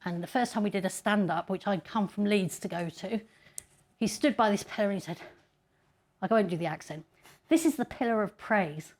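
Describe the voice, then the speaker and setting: A woman's voice: medium pitch, brisk, a little mellow. A middle-aged woman giving a chatty, self-deprecating conference talk and laughing often. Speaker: conference speaker.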